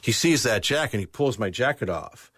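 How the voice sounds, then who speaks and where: In a radio studio with no room sound, an American author appearing as a guest tells a tense travel story, vividly voicing the people in it in character. His medium-pitched voice is brisk and a bit bright, with lively intonation.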